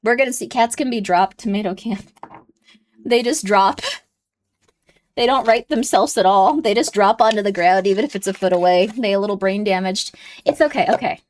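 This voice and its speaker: A woman's voice: moderate pace, a little mellow. A young woman chatting casually and rambling with her viewers during a live stream. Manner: chatty, rambling, coos at her cat in a high baby voice.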